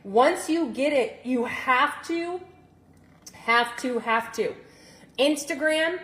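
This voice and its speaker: A middle-aged woman fitness coach making an energetic, pushy sales pitch on a live stream, repeating instructions and calling out viewers by name.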